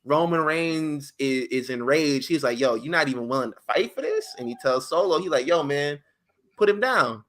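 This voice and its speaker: A man co-hosting a podcast in casual chat, retelling events with animated storytelling and slangy acted-out quotes. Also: fairly high pitch, moderate pace. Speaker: podcast co-host.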